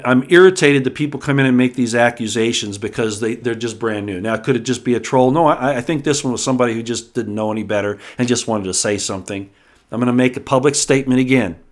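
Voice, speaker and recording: A middle-aged man hosting a solo political commentary show, talking emphatically with frequent restarts and repeated words, pushing harder on his key points. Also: medium pitch.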